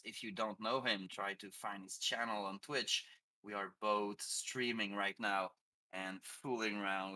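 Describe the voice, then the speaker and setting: A man's voice: on the low side, sharp tone. Chatty man with a Quebec French accent. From Quebec, Canada. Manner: chatty, laughs often, halting. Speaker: streamer. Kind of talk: casual live-stream chat.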